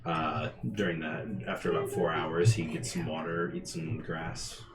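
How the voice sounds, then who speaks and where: A man's voice: very deep voice, sing-song, normal speed, gravelly, heavy background noise. A man narrating as game master, loose and joking, often laughing. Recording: roomy sound with music behind. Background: music.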